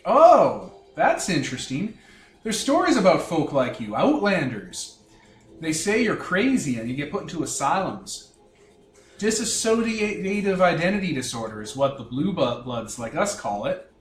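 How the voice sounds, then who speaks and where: Casting: man doing a chummy, condescending nobleman with a folksy Canadian lilt, pitched a touch high, echoey room, faint music. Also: big pitch swings, measured pace, far from the mic. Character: smug male Borkin noble with put-on Canadian accent.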